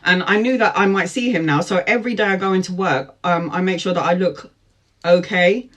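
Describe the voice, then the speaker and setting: A woman in her forties telling a personal story, lively, laughing often and acting out what people said. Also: lowish voice, a little fast. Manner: lively, laughs often, acts out quoted speech. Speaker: tarot vlogger. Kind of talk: storytime chat.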